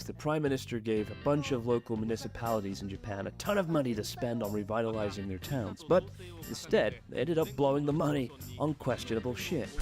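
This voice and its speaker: A man giving a scripted, sardonic voice-over narration and swearing now and then. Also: mid-range voice. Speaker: vlogger narrating. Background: background music.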